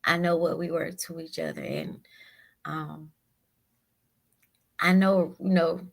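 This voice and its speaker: A woman guest telling a personal story in a halting, emotional way, often repeating her words. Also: deep voice, fairly even intonation, creaky. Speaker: podcast guest.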